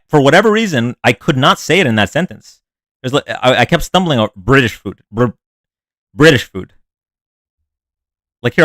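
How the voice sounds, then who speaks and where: A man hosting a casual live stream, rambling from one thing to the next and answering viewers' comments as they come in. His voice sits in a middle pitch and sounds dry and close, with no room around it. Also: a bit bright, no echo. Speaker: livestream host. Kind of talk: casual livestream chat.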